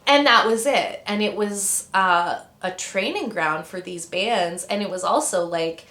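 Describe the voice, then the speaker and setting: Chatty rambling woman, bright tone. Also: mid-range voice, a little slow, roomy sound. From Ontario, Canada. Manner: rambling, chatty, lots of fillers and tangents. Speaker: interview guest, musician. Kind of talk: casual interview storytelling.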